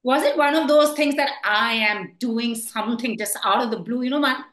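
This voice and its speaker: Brief: woman host, high-ish voice, supportive short reactions, roomy sound. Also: moderate pace, a bit bright. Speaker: interviewer. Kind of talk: casual interview. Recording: roomy echo.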